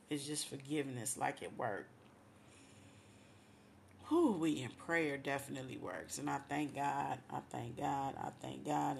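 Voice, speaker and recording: A woman's voice: deep voice, creaky, a little hiss or hum. A woman hosting a radio show, sharing an emotional religious testimony with heartfelt praise and repeated thanks to God. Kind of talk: emotional personal testimony on air.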